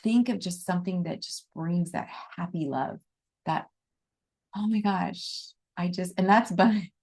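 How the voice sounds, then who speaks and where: A woman with a fairly low voice who teaches an online Reiki group. She chats with bright enthusiasm toward her listeners, then slows into a soft, soothing pace to guide a meditation. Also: husky. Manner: slow, soft and soothing when guiding. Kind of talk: casual chat and guided meditation.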